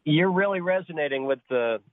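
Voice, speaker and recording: Male phone caller, mid-pitched and deliberate, dry and tinny over the phone line. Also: lively intonation, no room sound. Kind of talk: radio call-in. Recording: phone line into radio show.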